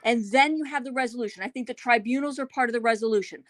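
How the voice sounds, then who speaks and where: A woman speaking on a panel chat in a slightly high voice. She presses her points hard and repeats words for stress. The sound is dry and close. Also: quick pace, no echo.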